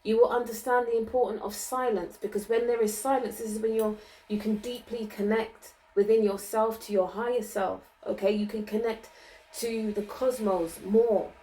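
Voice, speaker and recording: A woman giving a channeled card reading, gentle and reassuring, often ending her sentences with "okay?" and laughing lightly. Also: fairly high pitch, steady tone, normal speed, far from the mic, rough recording. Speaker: spiritual card reader.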